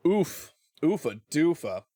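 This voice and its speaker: A man's voice: fairly high pitch, very animated, takes it slowly, dark tone, dry recording, studio quality. A man streaming a video game, talking to himself and to chat, groaning and sighing over what he has lost. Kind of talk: casual gaming livestream commentary.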